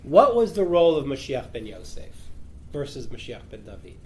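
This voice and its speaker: A man's voice: medium pitch, sing-song, moderate pace, noisy background. A rabbi teaching a class, reading out a Talmud passage and explaining it with rhetorical questions to his students. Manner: reads the text aloud, then explains it with rhetorical questions.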